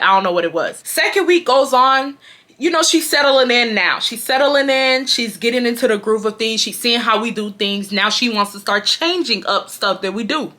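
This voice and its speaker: A young woman from Houston, telling a storytime to her viewers in a slangy, emphatic, animated way. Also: on the high side. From Houston, Texas. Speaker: YouTuber. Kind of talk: casual storytime vlog.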